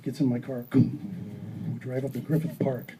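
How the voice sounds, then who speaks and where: A man giving an art talk, telling stories in a rambling, animated way and acting out dialogue. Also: mid-range voice, measured pace, slight background noise, poor audio. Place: gallery or hall.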